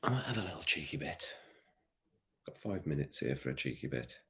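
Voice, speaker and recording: A man's voice: a bass voice, very animated, fairly quick, bright, forceful tone. A man vlogging in casual chat, thinking aloud with jokey asides while placing bets.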